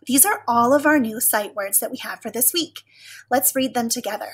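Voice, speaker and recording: A woman teacher giving a recorded lesson to young children, speaking in a slow, patient and encouraging way. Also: on the high side, lively intonation, a bit bright, husky.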